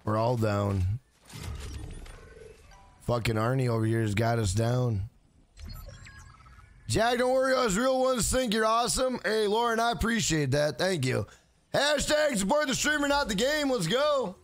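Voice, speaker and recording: A man's voice: high-pitched, lively intonation, a little slow, pauses often. A man live-streaming a video game, swearing often and greeting viewers in chat by name. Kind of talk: live gaming stream commentary.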